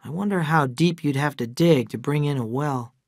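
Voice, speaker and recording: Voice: mid-range voice, normal speed, darkish tone, no echo, clean studio sound, lightly acted. A reader voicing an eager, hopeful young husband in a storybook reading, speaking up with a raised voice.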